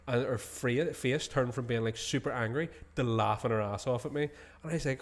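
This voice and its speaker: A man hosts a casual podcast chat. He tells his drinking stories with plenty of swearing and bursts of laughter, his voice sitting at a middle pitch. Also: quick pace. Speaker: podcast host.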